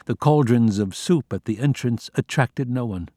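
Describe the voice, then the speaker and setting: A man reading a first-person memoir aloud in a measured, somber, restrained way. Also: mid-range voice, warm tone, dry recording, studio quality. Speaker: audiobook narrator.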